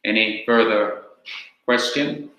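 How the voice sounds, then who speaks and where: Man, teacher, slow careful repetition, crisp bright tone, very echoey classroom. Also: on the low side, fairly even intonation. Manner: slow, repeating explanations step by step. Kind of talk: classroom lecture with questions.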